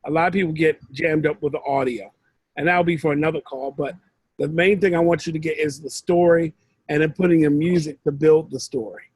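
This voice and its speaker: Husky-voiced man mentoring casually. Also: on the high side, fairly even intonation, fairly quick, darkish tone, no echo, low-quality recording. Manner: rambling, conversational, with frequent restarts.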